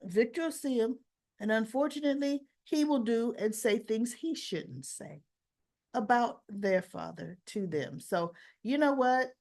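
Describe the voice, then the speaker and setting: A woman hosting a casual soap opera recap, retelling scenes and acting out the characters' lines with lively emphasis. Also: fairly high pitch, unhurried.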